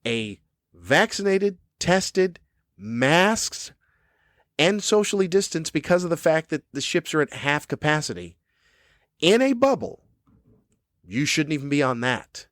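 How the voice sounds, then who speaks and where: A man's voice: on the high side, sing-song, a little slow, long pauses, a bit bright, no room sound, clean studio sound. A man hosting his own podcast, a cranky comedian ranting angrily and swearing often. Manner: angry, profane, cranky. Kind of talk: ranting monologue. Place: cruise ship room.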